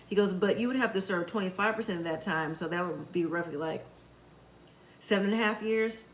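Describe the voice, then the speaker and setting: A woman's voice: mid-range voice, brisk, roomy sound, slight background noise, low-quality recording. A woman giving a casual, opinionated recap of a reality show, acting out what the people said. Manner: chatty, opinionated, acts out quotes.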